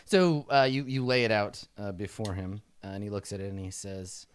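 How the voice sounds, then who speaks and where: A man narrating as dungeon master in a relaxed, filler-heavy way. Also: on the low side, normal speed, smooth. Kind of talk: narrating a tabletop game.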